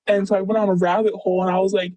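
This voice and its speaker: High-voiced young man telling a story. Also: flat delivery, racing, warm tone, no room sound, low-quality recording. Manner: rambling, filler-heavy, quotes others with "blah, blah". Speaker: interviewee. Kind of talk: casual storytelling.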